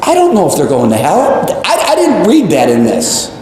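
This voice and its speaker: A male priest preaching a homily, animated and repeating phrases for emphasis, with jokes and tangents. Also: high voice, moderate pace, a little hiss or hum. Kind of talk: sermon. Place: large church. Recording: echoey church, long reverb.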